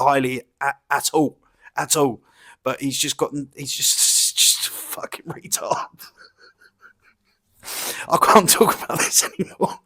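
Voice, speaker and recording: A man's voice: mid-range voice, a bit bright. A man giving a mocking, exasperated commentary rant, swearing and laughing often. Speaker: YouTube commentator. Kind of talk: ranting commentary vlog.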